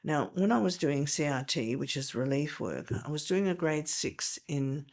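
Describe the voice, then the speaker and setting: A woman's voice: sits low, animated, moderate pace, darkish tone. An older woman, a veteran teacher explaining in a podcast interview, emphatic and step by step.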